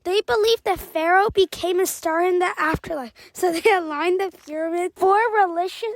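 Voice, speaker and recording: A woman with a very high, light voice who explains things calmly and adds a little wit. She delivers a scripted kids' history dialogue. The recording is dry and close. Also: moderate pace, no room sound. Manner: calm, explaining, gently witty. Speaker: co-host.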